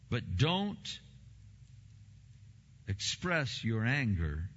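A middle-aged male pastor preaching a sermon in an emphatic, repetitive style, with sudden loud bursts. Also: fairly high pitch, expressive, slow pace. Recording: muffled sound with long hall reverb.

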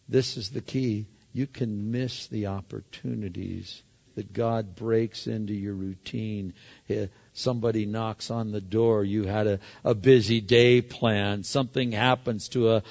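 A middle-aged man preaching a sermon as a pastor, telling stories with sudden loud and quiet turns. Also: mid-range voice, vocal fry. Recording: long hall reverb, dull lo-fi sound.

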